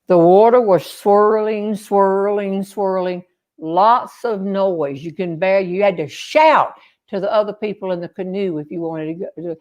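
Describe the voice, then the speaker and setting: A woman's voice: mid-range voice, a little slow. An older woman, telling a comic story and acting out the people in it. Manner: animated, acts out quoted voices with shouting. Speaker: humorist storyteller.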